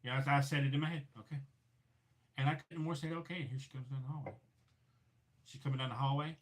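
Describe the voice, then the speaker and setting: A man's voice: mid-range voice, fast. A man telling a ghost story in casual chat, swearing freely and acting out the voices in it. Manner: animated storyteller, acts out voices, swears a lot. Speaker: podcast guest, paranormal investigator. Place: vehicle, talking into phone setup.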